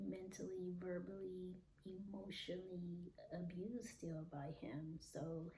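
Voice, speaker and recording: A woman vlogger telling a personal story in an earnest way, sometimes dropping to a hushed whisper. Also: lowish voice. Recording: roomy with clear background noise.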